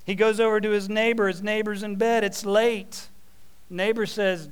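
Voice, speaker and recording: A man preaching a sermon, telling a parable with folksy, animated asides. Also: high-pitched, moderate pace, clean tone.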